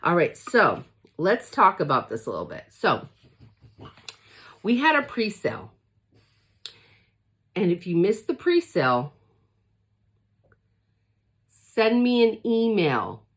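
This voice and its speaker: A woman's voice: mid-range voice, big pitch swings, slow, long pauses, fairly bright tone. A woman talking through an unboxing, gushing and emotional as she addresses her viewers directly. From Los Angeles area. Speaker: product consultant vlogger. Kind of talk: excited unboxing chat.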